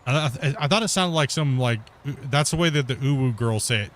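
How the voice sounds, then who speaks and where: A man's voice: mid-range voice, lively intonation, fairly quick, a bit bright. A man chatting casually while streaming a game, rambling, repeating himself and laughing easily. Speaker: gaming streamer. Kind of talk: casual chat while playing.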